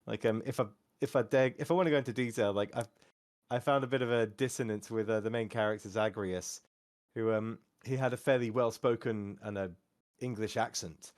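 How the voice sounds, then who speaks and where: Low-voiced man rambling with fillers. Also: fairly even intonation, fairly quick. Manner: rambling, many fillers and restarts. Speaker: podcast co-host. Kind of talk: casual chat.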